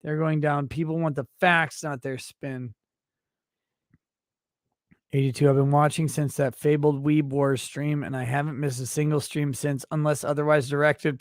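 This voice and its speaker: A brash man reads viewer messages on a livestream and fires back with crude, mock-indignant rants. His voice sits fairly high for a man. The sound is dry and close, with no room echo. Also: level tone, normal speed. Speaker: livestream host reading super chats. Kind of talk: crude comedic livestream banter.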